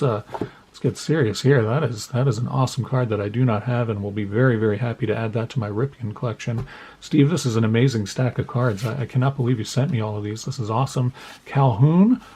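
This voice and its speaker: A man's voice: mid-range voice, mellow, slightly rough. A man casually opening a mail-day package of trading cards, reading off player names one by one and making playful asides to the cards. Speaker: card collecting YouTuber.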